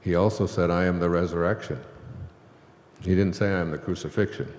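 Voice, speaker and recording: A man's voice: low voice, steady tone, fairly quick, darkish tone. A man telling a long, rambling spiritual story on stage to a live audience, laughing now and then. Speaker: host. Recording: echoey hall.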